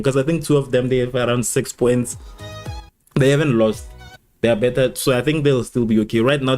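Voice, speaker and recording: A man hosting a live football watchalong, rambling and repeating himself, who laughs at his own slips and jumps high in pitch at exciting moments. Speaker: watchalong host. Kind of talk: live match watchalong chat.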